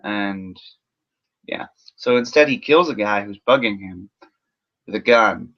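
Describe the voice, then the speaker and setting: A man's voice: on the low side, measured pace. A man giving a casual, rambling film review full of sarcasm and swearing. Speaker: movie reviewer. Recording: dull lo-fi recording.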